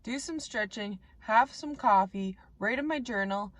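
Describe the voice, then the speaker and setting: A young woman with a naturally raspy voice, rambling and joking about herself in a casual vlog. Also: on the high side, unhurried, fairly bright tone, no echo. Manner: rambling, chatty, self-mocking. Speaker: vlogger. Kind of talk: casual chat to camera. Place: Canada.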